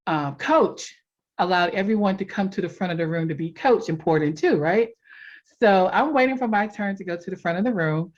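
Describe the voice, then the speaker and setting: Woman on a podcast, animated storyteller, laughs a lot, kinda dull lo-fi sound. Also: lowish voice. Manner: animated, laughs often, acts out quotes. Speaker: podcast guest, life coach. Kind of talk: casual interview storytelling.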